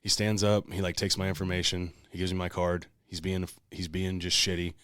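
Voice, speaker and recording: A man's voice: deep voice, little pitch movement, fairly quick, a bit bright, smooth, no room sound, studio quality. A man co-hosting a podcast, telling a long story in casual, profane, heated talk. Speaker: podcast co-host.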